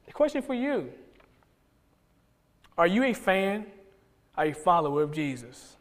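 High-voiced man preaching in a reverberant hall. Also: unhurried, long pauses. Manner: conversational preaching with frequent restarts and rising excitement. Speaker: pastor. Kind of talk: sermon. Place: church sanctuary.

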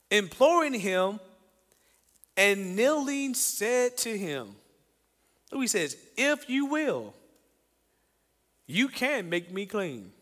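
A man preaching a sermon in an animated way, asking the congregation questions and acting out the voices he quotes. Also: sits high, big-room sound. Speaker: pastor.

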